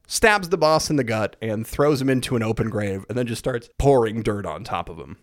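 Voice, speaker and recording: A man talks through a game's story on a podcast, his pitch leaping up and down with every beat. He swears constantly and drops into quick voices for the characters. The sound is dry and close, with no room around it. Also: no room sound. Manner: animated storyteller, swears a lot, acts out quoted lines. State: a bit winded. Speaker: podcast host recapping a game. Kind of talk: casual profane game recap.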